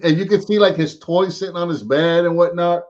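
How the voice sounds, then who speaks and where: An American man in a loose, rambling live chat. His voice sits a bit high for a man and comes through dull and lo-fi. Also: fairly even intonation, fairly quick, a crowd in the background. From United States. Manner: chatty, rambling, says "man" often. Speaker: co-host.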